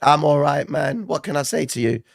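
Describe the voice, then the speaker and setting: A man doing casual live market commentary who keeps checking in with viewers, his voice rougher than usual. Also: a little high, moderate pace, dry recording, clean studio sound. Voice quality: gravelly, not his normal voice. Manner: chatty, addresses viewers directly, frequent "okay?" and "right?".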